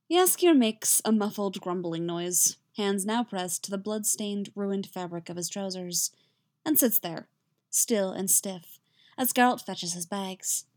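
A woman reading fan fiction aloud, in an expressive storytelling manner. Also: medium pitch. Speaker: reader.

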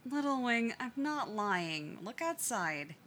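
Brief: amused big brother, put on by a woman narrator, coos and teases, fighting laughter, bright and higher. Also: big pitch swings, slow pace, slight background noise, exaggerated voice. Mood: coaxing. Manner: cooing, barely holding back laughter. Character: teasing young adult man, amused big brother.

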